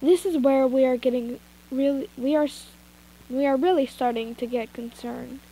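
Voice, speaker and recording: This amateur fanfiction reader speaks in a warm, high-pitched voice at a moderate pace, with some hiss or hum on the rough phone audio. She reads casually, stopping now and then for side comments and redoing lines.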